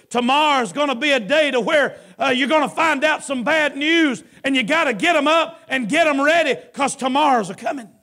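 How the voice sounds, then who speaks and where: A middle-aged preacher with a very high voice delivers an impassioned sermon. He rises into shouted climaxes and drops into hushed storytelling. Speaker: pastor. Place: church camp meeting.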